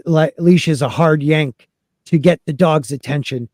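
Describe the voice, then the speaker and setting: Guy reading a book chapter on a podcast, kinda high voice, warm tone, dry sound. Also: steady tone, a little slow, no echo. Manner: reads narration then jokes with panel. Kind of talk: casual reading and discussion.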